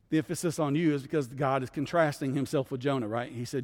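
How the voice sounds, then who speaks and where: A man's voice: medium pitch, a little fast, big-room sound. A man who is a guest pastor, teaching a Bible study in a conversational way and often checking in with "right?".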